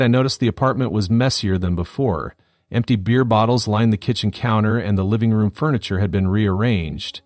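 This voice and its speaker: A man narrating a scripted first-person story in a steady, matter-of-fact way. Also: fairly low pitch, dry recording, studio quality.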